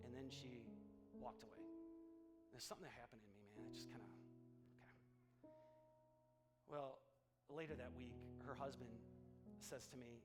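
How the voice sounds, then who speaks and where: Middle-aged male pastor, earnest confessional sermon, guitar playing loudly beneath. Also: medium pitch, moderate pace, pauses often. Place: church sanctuary. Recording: guitar music playing underneath.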